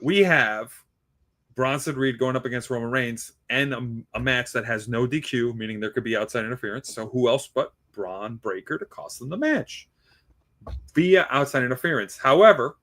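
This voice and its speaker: A man talks through his wrestling predictions with bright, ringing energy. He is excitable and playful, and he ribs his co-hosts in a loose podcast chat. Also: medium pitch, moderate pace. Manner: excitable, laughing, teasing. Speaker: podcast co-host giving predictions.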